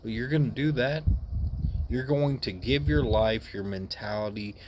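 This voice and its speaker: A man voicing a stern older male family friend who lectures a boy bluntly and gravely. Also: mid-range voice, unhurried, background noise, close to an everyday voice.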